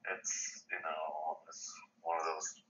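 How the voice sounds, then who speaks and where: A man co-hosting a live stream, explaining things in a relaxed, matter-of-fact way. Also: a bass voice, recorded from a distance, slight background noise. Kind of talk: casual chat. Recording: muffled roomy stream audio.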